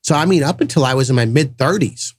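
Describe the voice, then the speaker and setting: Middle-aged man from Massachusetts, animated storyteller, dry close mic. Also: mid-range voice, fast talker, husky, no echo. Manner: animated, acts out quoted voices. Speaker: podcast guest. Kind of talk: casual storytelling conversation.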